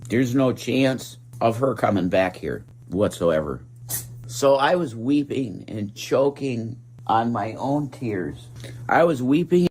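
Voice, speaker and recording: A man's voice: medium pitch, animated, slow, darkish tone, a little hiss or hum. A man telling a story in a casual vlog, earnest and dramatic, acting out the voices of the people in it. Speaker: vlogger.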